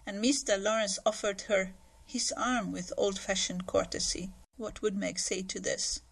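A woman narrates a classic novel aloud in steady, clear storytelling. Her voice sits at a middling pitch with a gravelly edge. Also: unhurried. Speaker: audiobook reader. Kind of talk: scripted narration.

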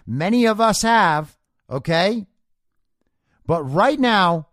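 A man's voice: high-pitched, expressive, slow pace, no echo, studio quality. A man hosting a political commentary show, talking in a combative, sarcastic, lecturing way. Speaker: podcast host.

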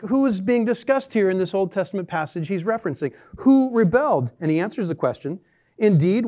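High-voiced man preaching a lively sermon. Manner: animated, jokey preaching with dramatic quotes. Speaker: pastor.

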